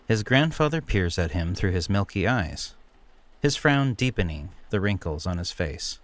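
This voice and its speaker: A man narrating an immersive story in a slow, dramatic storytelling manner. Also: sits low, big pitch swings, no room sound. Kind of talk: scripted narration.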